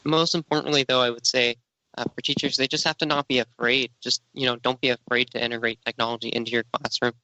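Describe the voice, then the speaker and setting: A teenage high school student urging teachers on, repeating phrases for emphasis. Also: male voice, level tone, fast talker, bright, forceful tone, no room sound, dull audio. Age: teens. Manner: encouraging, repeating himself for emphasis.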